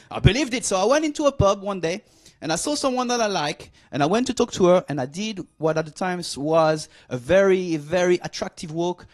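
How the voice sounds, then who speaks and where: On stage at a comedy club, a man from France, around his forties, ribs the audience with playful arrogance. He speaks fairly quickly and expressively in a rather high male voice, stretching out each punchline and having a good time.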